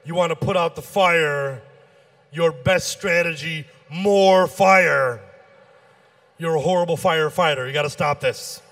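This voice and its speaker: A fairly high-pitched man working a stand-up set as the show's emcee. He tells his stories with lots of energy, jumping into different voices to act out each conversation. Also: a little slow. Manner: animated storytelling, acting out dialogue with shifts in pitch.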